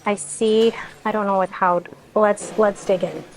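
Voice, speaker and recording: A woman's voice: mid-range voice, steady tone, unhurried, a little hiss or hum, low-quality recording. A woman food vlogger tasting dishes and talking to the camera, effusive and exclaiming often as she eats. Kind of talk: casual food review to camera.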